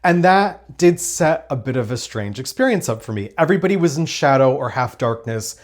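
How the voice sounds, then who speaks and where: A man's voice: mid-range voice, animated, fairly quick. A man hosting a casual spoiler review of a crime drama, talking in a chatty, enthusiastic way with rambling asides. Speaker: TV review host.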